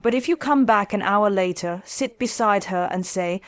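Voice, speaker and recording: A woman calmly narrating scripted relationship advice in a slow, soft, intimate way. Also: medium pitch, no room sound.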